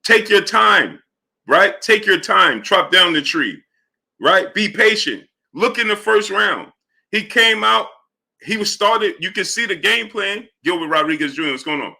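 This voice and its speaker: Animated bright-voiced male boxing streamer. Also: unhurried, vocal fry. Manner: animated, repeats "right?" and "you understand?"; low mumbled shout-outs to viewers. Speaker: livestream host. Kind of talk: live boxing commentary and chat shout-outs.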